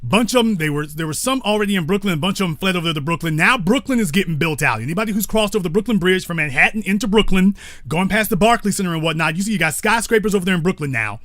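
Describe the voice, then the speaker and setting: A man's voice: high-pitched, lively intonation, rapid-fire, fairly bright tone, no echo, clean studio sound. A man hosting a call-in talk show, speaking bluntly with profanity and stopping to correct himself.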